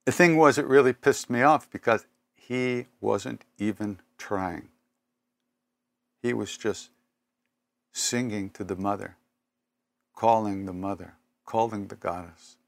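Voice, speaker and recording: An older man giving a spiritual talk, telling personal stories in an unhurried, reflective way with pauses and self-corrections. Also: lowish voice, creaky, no room sound. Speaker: spiritual teacher.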